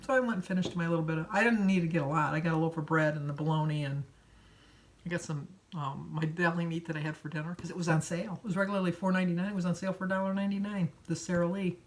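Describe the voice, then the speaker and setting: A woman's voice: lowish voice, steady tone, rapid-fire. An older woman from Michigan telling a long, rambling everyday story as a vlogger. She chats casually and laughs between sentences. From Michigan, USA.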